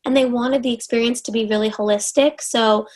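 A woman's voice: a little high, fairly even intonation, a little fast, a little mellow, poor audio. A woman in her twenties from Los Angeles, an actress telling an interviewer an earnest, effusive story and often restarting her sentences. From Los Angeles, USA. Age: 20s.

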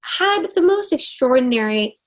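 In a rough recording, an actress in her twenties from Los Angeles, USA, tells an interviewer an earnest, effusive story, frequently restarting her sentences. Her high voice has a sing-song quality and a moderate pace.

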